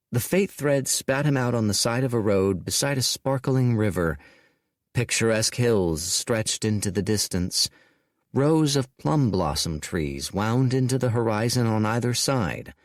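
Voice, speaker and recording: A man reading an audiobook in a slow, deliberate and expressive narration. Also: on the low side, dry recording, studio quality.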